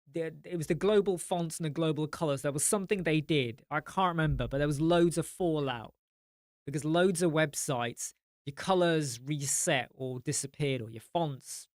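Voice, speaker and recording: A man's voice: fairly high pitch, no room sound, studio quality. A man hosting a casual live stream, chatting freely and answering viewer comments, often thinking aloud with ums and asides.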